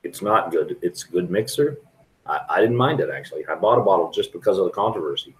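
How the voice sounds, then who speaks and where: A man's voice: low voice, lively intonation, fast talker, low-quality recording. A middle-aged man chatting frankly and rambling to viewers on a live stream from a restaurant. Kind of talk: casual live stream chat.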